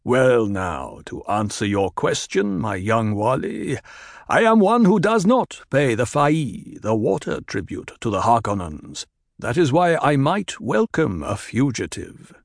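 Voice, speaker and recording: A man voicing a stern, commanding desert tribal leader who speaks slowly and gravely. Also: medium pitch, sing-song, no room sound, clean studio sound. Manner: measured, slow, authoritative. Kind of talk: audiobook character voice.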